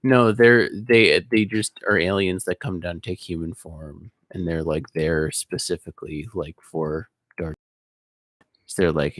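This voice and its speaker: A man's voice: low voice, unhurried, dry recording. A man co-hosting a podcast, chatting casually and recounting a movie with bouncy delivery. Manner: lively, bouncy storytelling with laughs. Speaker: podcast co-host. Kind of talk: casual chat.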